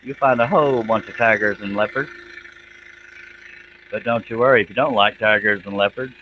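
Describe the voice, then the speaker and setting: A man's voice: fairly low pitch, moderate pace, bright, forceful tone, a little hiss or hum, rough recording. A man, chatting casually with viewers while he works a scroll saw on a livestream. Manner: folksy, chatty, reads out viewer comments.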